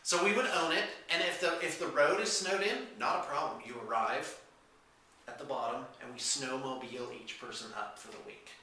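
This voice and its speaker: Man, host, playful banter, bright tense voice, roomy echo from a distance. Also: mid-range voice, a little fast. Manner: playful, theatrical outbursts. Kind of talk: casual morning show banter. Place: room with whiteboard, indoors. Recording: echoey room from far off.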